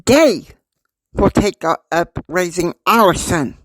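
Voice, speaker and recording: A man voicing a middle-aged mother in a high falsetto. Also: expressive, takes it slowly, fairly bright tone, no echo, heavily acted. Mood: pleading. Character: shrill anxious mother, woman, middle-aged.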